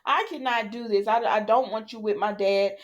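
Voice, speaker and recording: A woman voicing a distraught young woman pleading with her father, in a high, whiny pitch. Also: fairly even intonation, normal speed, muffled recording, lightly acted.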